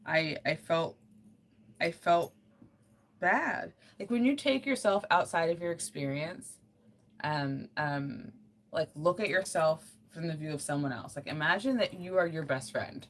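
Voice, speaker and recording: A woman's voice: lowish voice, fairly bright tone. A woman livestreaming while crafting, chatting casually in an earnest, rambling way with lots of fillers.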